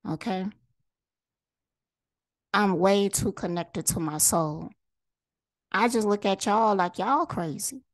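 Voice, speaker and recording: A woman's voice: medium pitch, slow pace, pauses often, no room sound. A woman vlogger delivering a heated, profane monologue straight to camera, firing rhetorical questions and repeating lines for emphasis. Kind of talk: impassioned direct-to-camera monologue.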